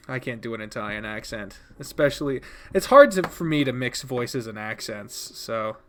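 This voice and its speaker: A man's voice: mid-range voice, expressive, moderate pace, hardly any pauses, a bit bright. A young man casually reading a visual novel aloud, swearing freely and laughing at himself. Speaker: video game player.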